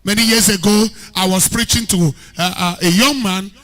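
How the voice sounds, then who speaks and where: A man preaching an animated sermon as a pastor, rising to shouts at times. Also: high voice, normal speed. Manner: animated preaching, shouting at peaks, mixing in Pidgin.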